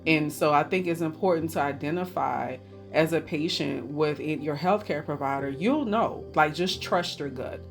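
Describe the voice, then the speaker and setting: Measured woman physician guest. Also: sits low, soft background music. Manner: measured, explanatory. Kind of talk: intimate conversation.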